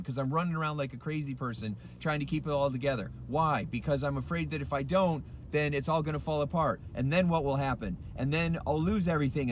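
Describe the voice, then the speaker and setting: A man's voice: fairly high pitch, slight background noise. A middle-aged man, a life coach and hypnotist, giving a passionate, emphatic motivational rant from his car, hammering his points with repetition. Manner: passionate, emphatic, repeats key phrases. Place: in a car at a red light.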